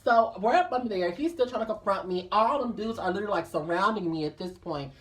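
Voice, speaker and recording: A chatty woman vlogger tells a personal story straight to her viewers, calling them girl and y'all. She is lively and acts out the people in her tale. Her voice sits in a middle range and sounds a little distant from the mic. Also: mid-range voice, fast talker. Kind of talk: casual storytime.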